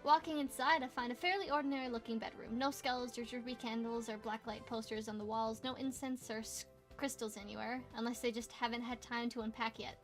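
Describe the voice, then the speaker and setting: A young woman reading a visual novel aloud as a gamer, playful, with quick asides and exclamations. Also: a little high, steady tone, faint music behind. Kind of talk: casual let's play reading with asides.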